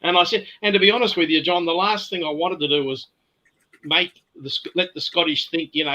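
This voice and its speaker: A man's voice: a little high, steady tone, brisk, pushed and bright. An older man with an Australian accent, telling stories in an earthy, yarn-spinning way as a guest on a casual chat. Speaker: guest distiller. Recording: dull lo-fi sound.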